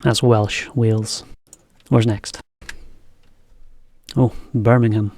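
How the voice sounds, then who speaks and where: A man giving a relaxed, chatty language lesson. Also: lowish voice, slow. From England. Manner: relaxed, chatty, laughs often. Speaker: English teacher. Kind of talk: casual lesson commentary.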